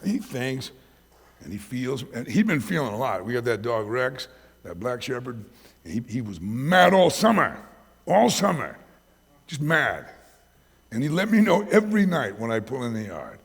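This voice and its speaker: A man preaching a sermon as pastor, telling animated stories about his pets, in a church hall with long reverb. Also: medium pitch, normal speed, vocal fry, slightly rough. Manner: anecdotal, animated storytelling.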